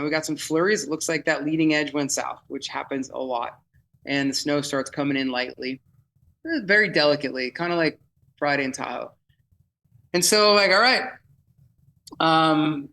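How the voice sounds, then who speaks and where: A man telling a vivid, excitable story in podcast chat, often restarting his sentences. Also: fairly high pitch, vocal fry, poor audio. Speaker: festival producer guest.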